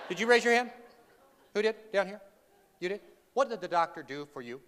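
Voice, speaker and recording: A man's voice: high voice, expressive, fairly quick, pauses often. A keynote speaker, a man, telling a comic story to a live audience, wry and sarcastic, teasing the crowd. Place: large hall before an audience. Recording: live hall recording with long reverb.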